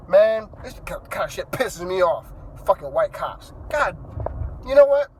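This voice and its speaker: A man's voice: high-pitched, a little hiss or hum, rough recording. A man telling an angry story to his phone camera from inside his car while driving, profane and stammering through restarts. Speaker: vlogger.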